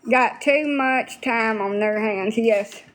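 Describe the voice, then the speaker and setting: A woman's voice: on the high side, slow pace. A woman talking bluntly to viewers on a casual livestream, swearing freely.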